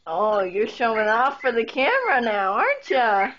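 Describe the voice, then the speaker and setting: Woman, home video, high swooping sing-song pet talk, muffled phone audio. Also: very animated, normal speed, fairly bright tone. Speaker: pet bird owner. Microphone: camera phone. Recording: dull lo-fi phone recording with faint hiss.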